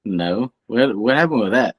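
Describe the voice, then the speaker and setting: A man's voice: medium pitch, lively intonation, moderate pace. A man co-hosting a podcast, ranting emphatically in casual, profane chat. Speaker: podcast co-host.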